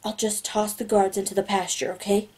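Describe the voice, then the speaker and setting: A woman's voice: medium pitch, flat delivery, brisk, lightly acted. A woman voicing a grim whispering young man. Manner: hushed and grim, urgent. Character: wry young male teleporter, grim, whispering. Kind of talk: audiobook character voice.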